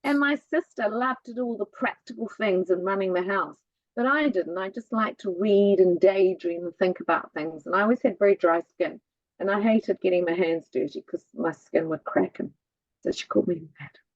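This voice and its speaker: A woman guest in a casual chat, telling lively stories with a musical cadence in her speech. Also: mid-range voice, normal speed, dry recording, lo-fi sound.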